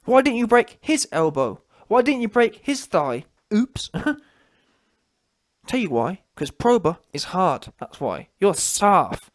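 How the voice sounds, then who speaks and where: A man's voice: high-pitched, big pitch swings, slow. A man hosting a reaction channel, delivering a mocking rant in heavy slang and tagging his points with "yeah?". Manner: taunting, repetitive, slangy, with frequent "yeah?" tags. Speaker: commentary channel host.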